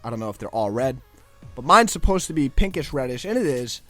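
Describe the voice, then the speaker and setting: A man's voice: mid-range voice, big pitch swings, fairly quick, bright, forceful tone, faint music behind. Young man rambling casually over gameplay. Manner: rambling, self-admittedly stumbling over words. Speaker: guest gameplay commentator.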